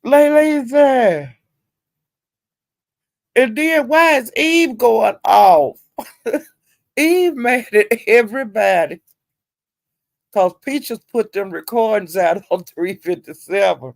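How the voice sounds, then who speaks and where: A woman riffing on a livestream, talking straight to her chat and laughing between lines. She curses freely, jumps from loud outbursts to low muttering, and her voice sits close and dry with no room sound. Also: animated, slow pace, vocal fry, long pauses, no echo. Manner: talks straight to chat viewers by name, laughs a lot, heavy cursing. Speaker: livestream host. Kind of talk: casual livestream commentary.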